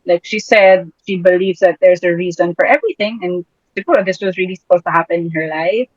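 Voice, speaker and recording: A woman's voice: fairly low pitch, fast talker, no echo, dull audio. A woman hosting a casual podcast chat, easily mixing English and Tagalog and agreeing a lot. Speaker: podcast host.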